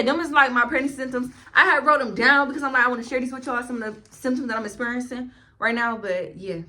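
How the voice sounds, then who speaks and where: A woman's voice: mid-range voice, bright, forceful tone, slight background noise. A woman vlogger telling a casual storytime to her viewers, candid, chatty and blunt, with frequent swearing.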